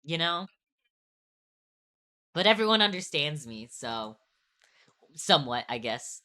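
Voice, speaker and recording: A young woman chats on a stream in a low voice with a bright edge. She rambles, restarts her sentences and laughs between thoughts. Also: big pitch swings, slow. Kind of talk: casual chat on an art stream.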